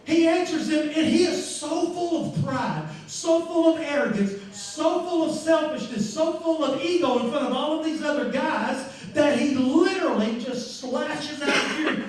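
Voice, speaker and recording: A man pastor preaching a sermon, telling a story with lively acted-out voices and sudden shouts. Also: very high-pitched, measured pace, few pauses, slight background noise. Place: church sanctuary. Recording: echoey church room, mic far off.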